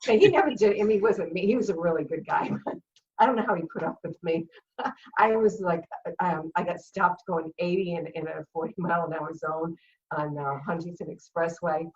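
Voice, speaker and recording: A middle-aged woman from Rhode Island, a comedian guest telling lively stories with frequent laughter in a casual chat. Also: lowish voice, normal speed, far from the mic, lo-fi sound.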